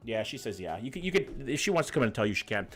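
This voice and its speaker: A man's voice: mid-range voice, very animated, rapid-fire. A male streamer chatting casually and reacting to viewers' pet photos, loose and jokey with lots of swearing. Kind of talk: casual livestream chat. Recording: faint music in background.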